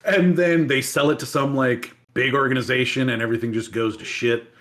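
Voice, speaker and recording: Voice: medium pitch, fairly even intonation, fairly quick, a bit bright. A podcast host casually retelling history, chatty and digressive with many asides.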